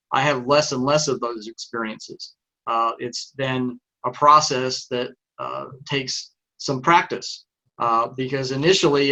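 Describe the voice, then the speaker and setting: A man with a Texas accent, a life coach answering as an interview guest in a thoughtful, measured way. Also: mid-range voice, bright, forceful tone, low-quality recording. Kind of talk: interview conversation.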